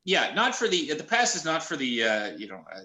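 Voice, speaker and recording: A man appearing as a journalist guest, telling wry, darkly humorous stories in a deadpan way during casual chat. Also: on the high side, fairly quick, echoey room, poor audio.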